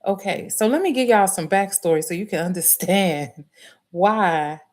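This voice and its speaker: A woman's voice: mid-range voice, moderate pace. A woman, animatedly telling her viewers a story and laughing often. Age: adult nursing student. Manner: animated, laughs often, Southern US dialect grammar. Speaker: livestream host.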